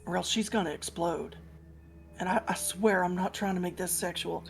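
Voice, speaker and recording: A woman's voice: fairly low pitch, steady tone, normal speed, creaky, faint music behind. A woman playing in a live-streamed tabletop role-playing game, talking brashly and playfully and swearing freely. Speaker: player.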